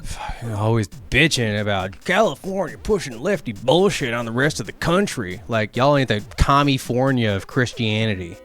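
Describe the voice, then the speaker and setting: A man's voice: medium pitch, lively intonation, moderate pace, few pauses, a bit bright, soft background music. A man giving a sarcastic, profane comedic rant, arguing back and forth with imagined hecklers and building to heated indignation. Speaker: political comedy essayist.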